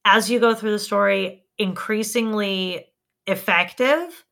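Bright, animated woman hosting a podcast. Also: mid-range voice, measured pace, vocal fry. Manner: animated, laughing, swears freely. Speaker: podcast host. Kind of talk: casual podcast chat.

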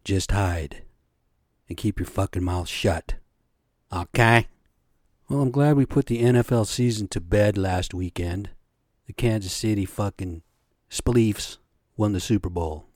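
A man's voice: lowish voice, a little slow, long pauses, darkish tone, no echo, clean studio sound. A man hosting his own podcast, ranting heatedly with constant swearing. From American Indian from the United States. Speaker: podcast host. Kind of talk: solo podcast rant.

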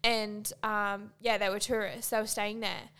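Chatty young woman, bright voice. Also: mid-range voice, flat delivery, unhurried, smooth. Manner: chatty, says "like" constantly, acts out quoted people. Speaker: podcast co-host. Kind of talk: casual chat, storytelling.

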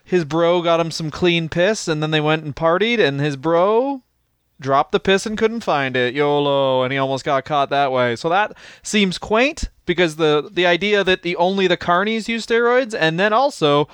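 A man co-hosting a comedy podcast, riffing on crude bits and laughing through them. His voice is smooth and clear, a little high for a man, and the recording is dry. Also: moderate pace, a bit bright, no room sound. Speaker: podcast co-host. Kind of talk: casual comedic chat.

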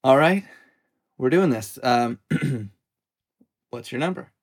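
A woman's voice: extremely low pitch, animated, pitched below the performer's own voice, heavily acted. Woman voicing awkward, flirty college jock. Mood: flustered. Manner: halting, stammering, hushed. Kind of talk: dramatized audio fiction.

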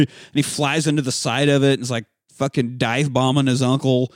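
A man's voice: mid-range voice, brisk, no echo. A casual man retelling a movie, dry sound. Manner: animated storytelling, acting out characters' lines. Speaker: podcast co-host recapping a film. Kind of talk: casual profane chat.

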